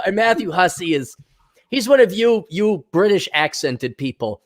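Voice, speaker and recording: A man's voice: high-pitched, lively intonation, moderate pace. A man co-hosting a podcast in blunt, profane casual chat. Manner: blunt, profane, mocking impressions. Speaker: podcast co-host.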